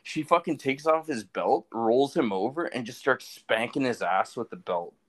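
A man's voice: medium pitch, lively intonation, normal speed. A man in casual podcast chat telling a profane story, often checking in with "right?". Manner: profane, laughs easily, tags lines with "right?". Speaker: podcast co-host.

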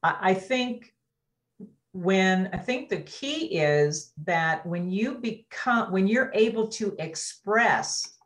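A woman co-hosts a relaxed talk show. She speaks slowly and thoughtfully in a lowish voice and gives short agreeing replies between longer reflections. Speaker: co-host. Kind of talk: casual chat.

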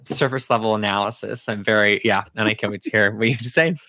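A man's voice: lowish voice, fairly even intonation, fast, sharp tone, no room sound. A man speaking as a guest in a casual podcast discussion, eager and rambling as he corrects himself.

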